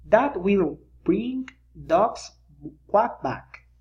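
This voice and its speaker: A reader gives an eager little storybook kitten girl with lively ups and downs. The sound is dull and lo-fi. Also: mid-range voice, very slow.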